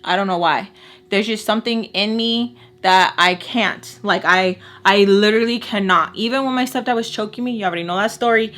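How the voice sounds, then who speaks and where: A woman vlogger recounts a story in casual, animated chat. She is blunt, swears freely and mixes Spanish words into her English. Her voice is bright and sharp. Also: medium pitch, brisk.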